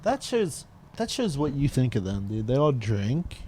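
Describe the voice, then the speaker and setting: A man's voice: medium pitch, sing-song, unhurried, noisy background. Wisecracking young man, podcast co-host. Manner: wisecracking, joking one-liners. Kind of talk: crude casual banter.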